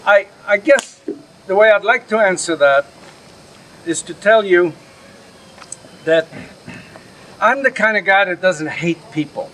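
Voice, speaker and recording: An older man speaking to a live audience, earnest and direct, often turning to them with asides. His voice sits fairly high for a man, and a faint hiss runs under the recording. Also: animated, unhurried, long pauses, a bit bright, low-quality recording. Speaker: Holocaust survivor speaker. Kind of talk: lecture with audience questions. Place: outdoor camp gathering.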